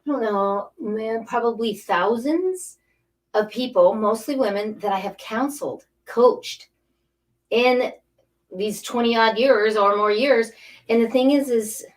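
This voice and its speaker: With a slightly high voice and a measured pace, a middle-aged spiritual coach and angel card reader offers informal inspiration. She speaks with emphasis, straying between thoughts and repeating phrases to underline them. The microphone catches her from a bit of a distance.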